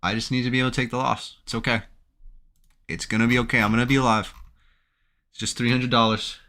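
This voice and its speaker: A man's voice: mid-range voice, flat delivery, fast, sharp tone. A man giving live commentary on his own trades, talking to himself in an anxious, emotional way. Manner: anxious, emotional self-talk. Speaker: day trader streaming his trading.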